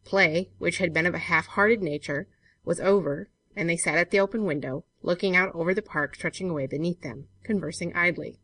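A woman narrating a classic short story as a volunteer audiobook reader in a measured, even manner. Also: lowish voice, dry recording. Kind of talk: scripted narration.

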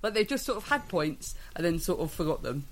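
A woman's voice: on the low side, very animated, fairly quick, slight background noise. Chatty woman rambling on. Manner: chatty, rambling, self-deprecating. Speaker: podcast co-host. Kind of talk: casual chat.

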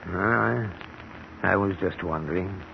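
A hoarse, bitter recluse. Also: male voice, low voice, slow, full character voice. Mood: agitated. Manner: mocking, then agitated and defensive. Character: bitter reclusive rich man, older, sly and brooding. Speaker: actor in an old radio drama. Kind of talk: 1940s radio acting. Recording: dull old radio broadcast recording with faint hiss.

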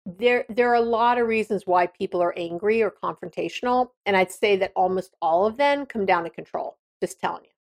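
A woman's voice: medium pitch, gravelly, darkish tone. A woman hosting an advice podcast, talking frankly and directly in a casual monologue with frequent restarts. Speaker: podcast host.

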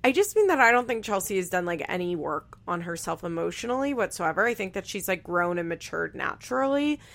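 A woman's voice: on the low side, sing-song, brisk, gravelly, a bit bright. A woman host giving casual, blunt commentary on a reality show, chatty and swearing freely.

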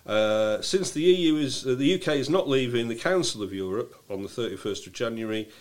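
A man co-hosting a casual chat show, wry and joking as he reads out letters from listeners. His voice sits in a middle pitch. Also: fairly quick. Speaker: podcast co-host.

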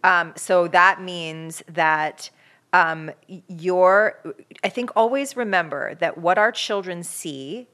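A woman's voice: on the low side, slow pace, a bit bright. A woman co-hosting a parenting podcast, explaining her views in a thoughtful casual chat. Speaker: podcast co-host, parenting expert.

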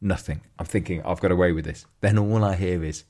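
A man's voice: sits low, brisk. A man, co-host of a casual chat show, telling a story with lots of swearing and laughter. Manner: animated, swears a lot, laughs through stories. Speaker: podcast co-host.

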